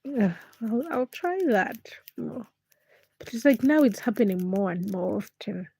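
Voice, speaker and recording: A woman's voice: mid-range voice, animated, unhurried, vocal fry, dark tone, slightly rough. A young woman vlogger chatting casually to camera late at night, rambling and correcting herself as she confides. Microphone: camera-facing setup.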